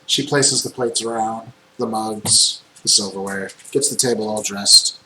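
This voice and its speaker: Guy running a tabletop game, slow and descriptive, lots of ums, echoey room. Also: fairly low pitch, steady tone, bright, forceful tone. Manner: unhurried descriptive narration with frequent ums. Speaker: game master. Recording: echoey room with faint noise.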